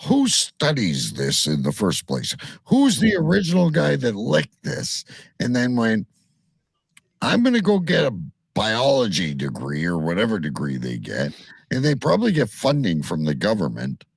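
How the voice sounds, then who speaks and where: A man's voice: on the low side, huge pitch swings, moderate pace, vocal fry, slightly rough, no room sound, studio quality. A man hosting a talk radio show, joking crudely, swearing and laughing as he banters. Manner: loud laughing, swearing, jokey.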